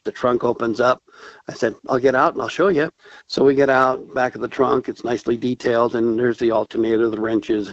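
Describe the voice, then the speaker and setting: Man, caller, gravelly voice, mid pitch, animated storytelling, dull lo-fi line. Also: no room sound. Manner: animated, acts out quoted voices. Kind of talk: casual storytelling.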